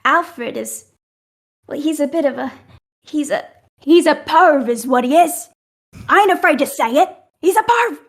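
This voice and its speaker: A woman's voice: on the high side, unhurried, gravelly. A woman voicing a nervous, apologetic female elf sailor captain who stammers and speaks bluntly. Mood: indignant.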